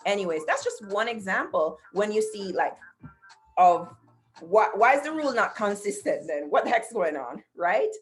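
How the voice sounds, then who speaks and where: Soft background music accompanies a middle-aged woman hosting a casual talk show through her computer mic on a video call. At a normal speed and with an expressive, medium-pitched voice, she tells stories emphatically and addresses her audience directly.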